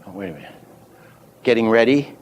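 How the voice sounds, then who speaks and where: An older man teaching animation, unhurried and thinking aloud, often stopping to act out a line reading. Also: fairly low pitch, lively intonation. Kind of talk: teaching lecture.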